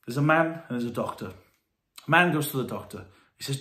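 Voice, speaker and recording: Male vlogger, earnest and halting, speaking from home in a room with audible echo. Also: mid-range voice, lively intonation, bright, forceful tone. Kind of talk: candid talk to camera. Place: warm room indoors at home.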